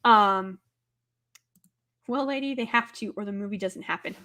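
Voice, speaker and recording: A woman hosting a live stream, chatting casually with viewers, rambling with lots of filler words and breaking into loud, exasperated outbursts. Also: mid-range voice, normal speed. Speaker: livestream host.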